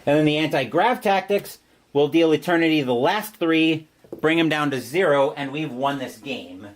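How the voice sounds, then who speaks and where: Playing a board game alone, a man walks through every move step by step as commentary on his playthrough. His voice is fairly high with lively intonation, at a normal speed.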